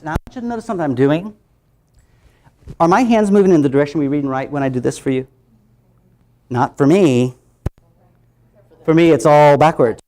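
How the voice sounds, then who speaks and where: A man training teachers in a workshop, talking lively and sounding out letter sounds for them. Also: on the high side, a little fast, pauses often. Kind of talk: workshop presentation.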